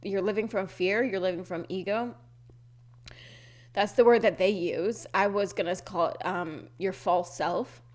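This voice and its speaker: A woman's voice: fairly low pitch, a little mellow. A woman hosting a spiritual podcast, talking unscripted, with a throat tickle. She searches for words, restarts often and repeats earnest affirmations. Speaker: podcast host.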